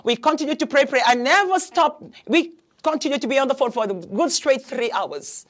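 Woman pastor, heartfelt sermon, pleading and earnest, slightly high voice. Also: animated, moderate pace. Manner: earnest, pleading, repeats phrases, frequent hesitations. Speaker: pastor and prayer counselor.

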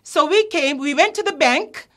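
A woman's voice: sits high, expressive, moderate pace, a bit bright. A woman pastor, telling a testimony and exhorting listeners in a sermon. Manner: earnest storytelling, rising to emphatic exhortation.

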